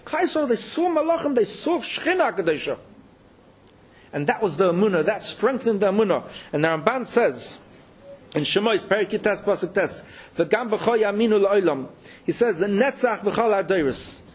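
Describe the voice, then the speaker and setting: Animated man with a husky voice. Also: high-pitched. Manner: animated, chants Hebrew verses then translates. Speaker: rabbi teaching Torah. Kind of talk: storytelling Torah talk.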